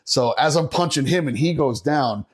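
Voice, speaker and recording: This podcast guest, a middle-aged bassist from Northeastern Pennsylvania, has a husky voice and talks at normal speed. He tells a rowdy story in a casual, profane style, repeatedly breaking into laughter.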